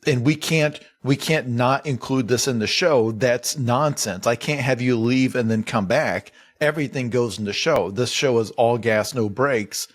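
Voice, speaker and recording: Male podcast co-host, mid pitch, wry and ranting. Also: unhurried, hardly any pauses. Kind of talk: comedic podcast discussion.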